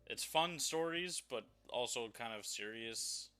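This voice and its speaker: A man co-hosting a podcast, chatting casually in halting bursts with many restarts. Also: medium pitch, animated, pushed and bright, clean tone. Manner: halting, restarts, laughs often. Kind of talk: casual chat.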